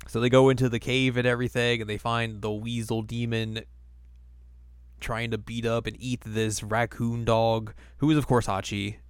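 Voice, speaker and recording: A man co-hosts a podcast and retells an episode in a relaxed, chatty way. His voice is smooth and resonant, at a middle pitch. The recording is dry and close. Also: normal speed, no echo. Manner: chatty, acts out quotes. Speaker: podcast co-host. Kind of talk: casual episode recap.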